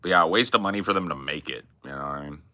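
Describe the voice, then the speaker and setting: Profane, low-voiced man with a bright edge. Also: very fast. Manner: profane, emphatic, riffing. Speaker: podcast host. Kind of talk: casual chat about movies.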